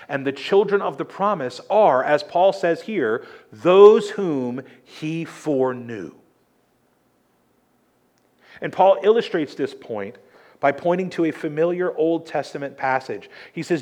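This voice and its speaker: A man preaching a sermon, retelling scripture with lively, emphatic storytelling. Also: a little high, a little slow.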